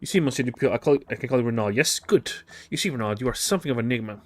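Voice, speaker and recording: A man voicing a flattering, evasive woman mayor in a video game with a put-on foreign accent. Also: mid-range voice, rapid-fire, close to an everyday voice. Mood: smooth. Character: scheming, smooth-talking woman mayor.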